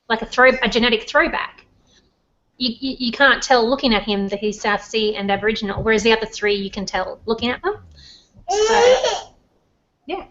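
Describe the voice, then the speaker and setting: An Australian woman chatting casually on an online panel, talkative and quick to laugh. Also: a little high, fairly bright tone, dull audio. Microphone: video call.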